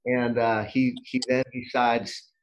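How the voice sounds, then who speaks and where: A man's voice: medium pitch, flat delivery, takes it slowly, noisy background. A middle-aged man hosting a podcast, telling a story in a loose, rambling way with many restarts. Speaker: podcast host. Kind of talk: casual podcast conversation.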